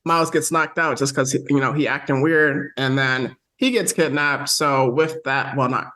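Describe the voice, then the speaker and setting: A man co-hosting a podcast, recapping a movie plot in a rambling, excited way. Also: medium pitch, normal speed. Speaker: podcast co-host. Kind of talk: casual movie review chat.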